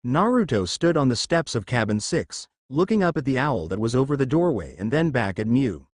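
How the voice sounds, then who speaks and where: A man narrating a fan fiction story in an even, unhurried reading voice. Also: medium pitch, dry recording, studio quality.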